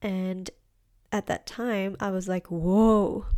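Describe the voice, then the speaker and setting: A young woman chats through a solo podcast with a mellow, softened tone. She talks in a chatty, self-deprecating way and keeps her voice deliberately low. The sound is dry and close, with no room echo. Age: young adult. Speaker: podcast host and wellness coach. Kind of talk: casual solo podcast monologue.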